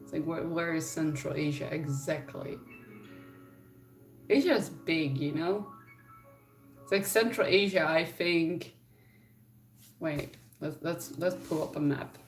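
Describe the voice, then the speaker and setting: A woman's voice: low voice, slow pace, long pauses, soft background music. A young woman vlogging in a casual chat to camera, telling exasperated stories and laughing often.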